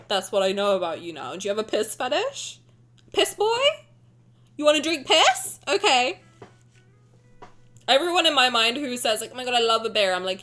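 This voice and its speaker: A woman's voice: sits high, huge pitch swings, takes it slowly, long pauses, fairly bright tone, faint music behind. A young woman streamer chatting casually in a reaction stream, teasing and blunt, swearing freely and laughing often.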